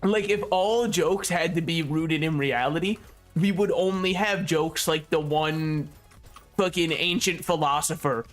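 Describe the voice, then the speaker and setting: Over some soft background music, a young man with a slightly high, slightly slow voice casually commentates a game he's playing. He's a gaming YouTuber who rambles, cracks jokes, and laughs often.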